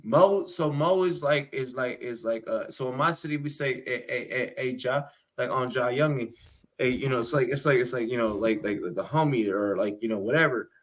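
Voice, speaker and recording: A man's voice: mid-range voice, a little fast. A man hosting a sports podcast, talking in a rambling, emphatic, profane way. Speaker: podcast host. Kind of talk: casual sports chat.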